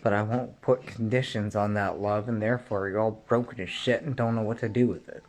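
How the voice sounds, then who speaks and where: A man delivering an angry, profane rant straight to the listener, often clearing his throat and rising to shouts. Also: lowish voice, fairly even intonation, brisk. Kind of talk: angry direct-to-camera rant.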